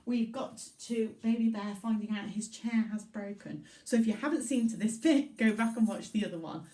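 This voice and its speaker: A woman teaching young children a recorded literacy lesson in a slow, encouraging way. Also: on the high side, warm tone. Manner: slow, encouraging and sing-song. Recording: echoey room, voice from far off.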